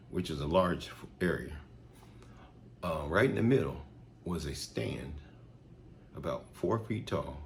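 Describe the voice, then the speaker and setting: Man, very low deep voice, earnest personal testimony, faint background hiss. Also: gravelly, darkish tone. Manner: earnest, repetitive retelling with restarts and fillers. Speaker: storyteller.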